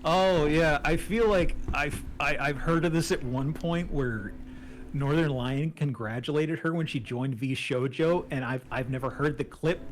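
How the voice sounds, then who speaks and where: A man chatting as a guest, telling stories in a rambling, animated way with many restarts. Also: fairly high pitch, slight background noise. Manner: rambling, animated storytelling with laughs. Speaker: guest streamer. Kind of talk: casual chat.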